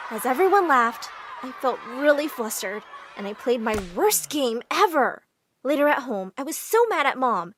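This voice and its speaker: A woman narrating a first-person animated story in a brisk, expressive way. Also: high voice, no echo.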